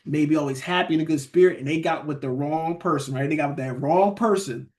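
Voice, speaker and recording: A man's voice: on the high side, brisk, darkish tone. A man teaching a Bible study, conversational, often asking "right?" and reading verses aloud.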